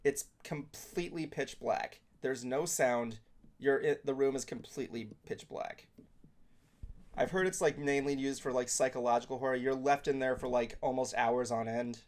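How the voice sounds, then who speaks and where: A man's voice: mid-range voice, moderate pace, a little mellow. A man co-hosting a casual talk show, rambling with many filler words. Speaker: podcast co-host. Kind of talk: casual chat.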